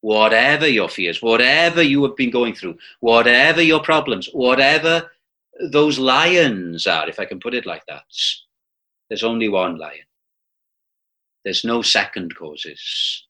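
A man's voice: on the low side, bright, forceful tone. A man preaching a sermon, retelling and reading aloud from a story with feeling. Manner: slow, reads storybook passages aloud with feeling.

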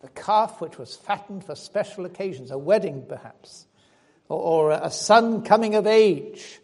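Middle-aged male preacher, earnest sermon delivery, slightly higher voice, loud-to-hushed swings. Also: expressive, unhurried.

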